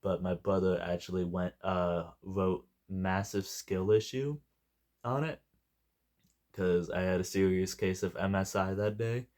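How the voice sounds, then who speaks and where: A man's voice: low voice, level tone, a little slow, hardly any pauses, darkish tone. A young man giving a casual, unscripted movie review, rambling and jokey and wandering off on tangents.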